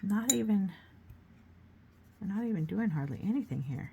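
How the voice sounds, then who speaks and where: A woman's voice: medium pitch, expressive, unhurried, long pauses, darkish tone, a little hiss or hum. A woman hosting a casual painting demonstration, chatting and encouraging viewers while she works. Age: adult, grown child of a mother who paints. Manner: chatty, encouraging, thinking aloud while working. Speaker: art tutorial host.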